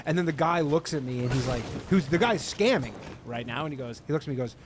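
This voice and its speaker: A man's voice: fairly high pitch, quick pace. A man in casual chat, animatedly telling a story, acting out other people's lines and swearing freely. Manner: animated, acts out quotes, swears. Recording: noisy stream audio with clicks.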